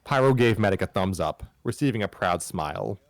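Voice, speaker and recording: Low voice dude reading fanfic on stream, trips over words, dry close sound. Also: male voice, lively intonation, brisk, creaky, dry recording. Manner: reads with frequent stumbles, restarts and wry asides. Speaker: host reading a fan story. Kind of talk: live-stream story reading.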